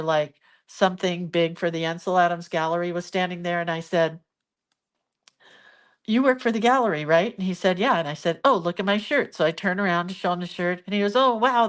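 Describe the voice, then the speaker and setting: A middle-aged woman vlogging, telling a story to camera in an emotional, animated way, with sighs and laughs. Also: on the low side, smooth.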